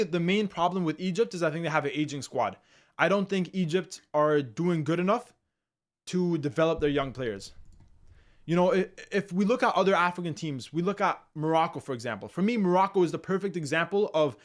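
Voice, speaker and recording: A young man casually hosting a live football ranking stream, chatting loosely and reacting to viewers' comments with slang. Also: a little high. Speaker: livestream host.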